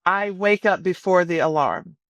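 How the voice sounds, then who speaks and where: A woman in her sixties from Tennessee, a chef guest calling in from home, telling stories in a lively, chatty way and laughing often. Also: lowish voice, normal speed, no echo, dull audio. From Nashville, Tennessee. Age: 60s. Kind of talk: casual interview chat. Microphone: remote call.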